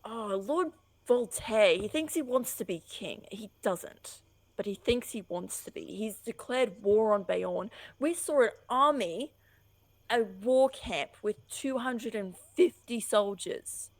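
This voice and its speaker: A woman's voice: on the high side, animated, slow pace, dry recording, heavily acted, low-quality recording. A woman playing a bold, pushy young adventurer in her own everyday voice. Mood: pleading.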